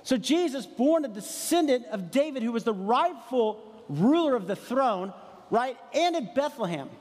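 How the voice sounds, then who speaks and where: A man's voice: very high-pitched, big pitch swings, normal speed, a little mellow. A man preaching a casual, conversational sermon, acting out imagined dialogue between the characters. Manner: conversational, acts out imagined dialogue in funny voices. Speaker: pastor. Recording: long hall reverb.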